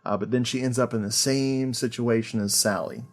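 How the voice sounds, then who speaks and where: A man hosting a podcast, chatting casually about an old film, animated and full of fillers and laughter. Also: mid-range voice, normal speed. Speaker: podcast host. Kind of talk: casual film review chat.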